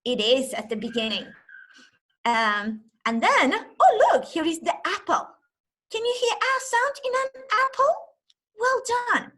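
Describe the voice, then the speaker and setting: A woman giving an online teaching demonstration, talking as if to a class of young children and sounding out letters slowly and with exaggeration. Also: very high-pitched, sing-song, a bit bright. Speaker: teacher trainer. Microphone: video call.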